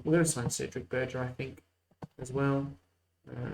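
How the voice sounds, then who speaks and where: A man's voice: mid-range voice, fairly even intonation, moderate pace, gravelly, a little hiss or hum, low-quality recording. Man giving casual game commentary. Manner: mock play-by-play, muttered asides. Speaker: host.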